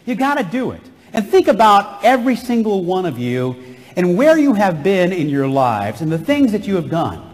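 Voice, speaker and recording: A man's voice: sits high, huge pitch swings, moderate pace. A man giving an enthusiastic keynote speech, encouraging the audience directly. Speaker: motivational speaker. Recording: live hall with long reverb.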